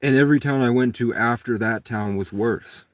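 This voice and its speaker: A man of middle pitch rambles through a personal story in a loose, casual monologue. He jumps into other people's lines with a lifted voice. The recording is dry and close, with no room sound. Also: normal speed, no echo. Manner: rambling, acts out quotes with raised pitch.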